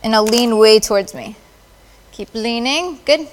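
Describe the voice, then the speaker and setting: A woman's voice: fairly high pitch, measured pace, long reverb tail, slight background noise. A woman photographer directing models at a live shoot, with playful, encouraging directions. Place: large studio with audience.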